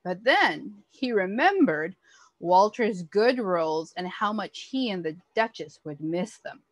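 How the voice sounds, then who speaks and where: An early childhood educator reads a children's picture book aloud slowly and carefully, her pitch rising and falling with lively expression. She tells the story in an animated way for young listeners. The sound is dry and close, with no room echo.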